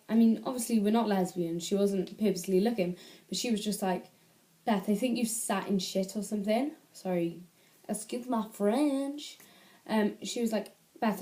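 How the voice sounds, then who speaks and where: A woman's voice: a little high, warm tone. A teenage girl from the UK chatting casually into an iPad camera at home, rambling and correcting herself as she gives advice. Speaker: vlogger.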